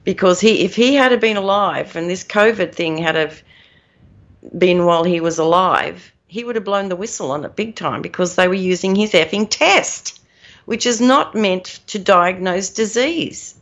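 A woman's voice: on the low side, lively intonation, normal speed. Rambling woman on a lo-fi podcast. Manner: rambling, emphatic, laughs at own points. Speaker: podcast co-host. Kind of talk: casual conspiratorial chat. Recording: dull lo-fi audio.

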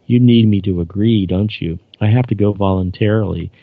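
A stubborn, resolute woman starship captain, voiced by a man reading her lines aloud. The delivery is plain rather than acted, in a low and gravelly voice. The recording sounds dry and lo-fi. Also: fairly quick, no echo. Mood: defiant.

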